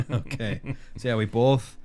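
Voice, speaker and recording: A man's voice: mid-range voice, darkish tone. Young guy podcast host, rambly, keeps repeating himself, laughs a lot. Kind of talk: casual chat.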